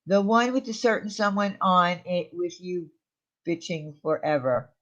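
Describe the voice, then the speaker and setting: A woman's voice: fairly low pitch, unhurried. A woman chatting casually on a live stream, answering viewers' comments aloud. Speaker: streamer reading chat. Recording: dull lo-fi stream audio.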